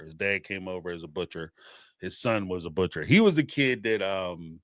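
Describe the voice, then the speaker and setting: A man's voice: lowish voice, no room sound, studio quality. A middle-aged man hosting a podcast, telling rambling, laughing stories in a casual chat. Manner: laughing, rambling, animated storytelling. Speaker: podcast host.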